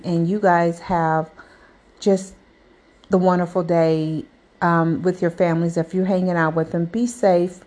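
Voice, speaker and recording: A woman podcast host telling a story in a casual, animated and sassy way. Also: fairly low pitch.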